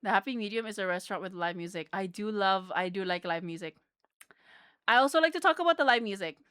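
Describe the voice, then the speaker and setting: A bubbly young-sounding woman streamer chatting to her viewers, giggling often and tripping over her words. Her voice is bright, smooth and a little high, recorded close and dry. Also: lively intonation, fast talker, dry recording. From Philippines. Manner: bubbly, giggly, rambling with fillers. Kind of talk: casual live-stream chat.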